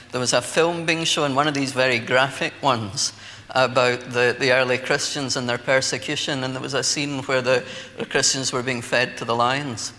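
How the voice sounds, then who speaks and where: A man's voice: medium pitch, pushed and bright, slight background noise. A Scottish man preaching a sermon, telling stories in a conversational way with light laughter. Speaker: pastor. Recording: long hall reverb, faint ambience.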